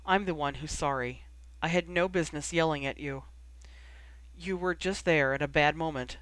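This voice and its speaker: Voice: normal speed, a bit bright, no room sound, lightly acted, poor audio. A reader voicing a protective older brother, a young man who talks in an earnest, reassuring way. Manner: earnest, reassuring, low muttering.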